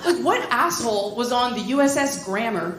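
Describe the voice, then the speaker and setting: A woman comedian performing a stand-up set on a club stage, with deadpan delivery and quick asides. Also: fairly high pitch, heavy background noise. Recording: roomy club sound with loud laughter. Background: audience laughter.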